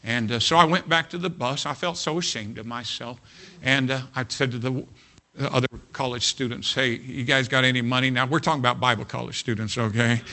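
Casting: male preacher, bright, sharp voice, folksy storytelling sermon. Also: medium pitch, a little fast. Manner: folksy, repeats "you know what", swings from soft to loud.

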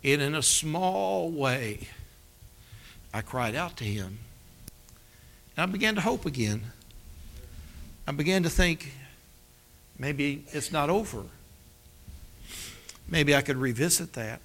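A man preaching a sermon, telling his own story and acting out the dialogue, dropping to a hush at tense moments. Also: a little high, lively intonation, takes it slowly, gravelly, long pauses. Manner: storytelling, acts out dialogue with dramatic drops to a hush. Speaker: pastor. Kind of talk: sermon with personal testimony.

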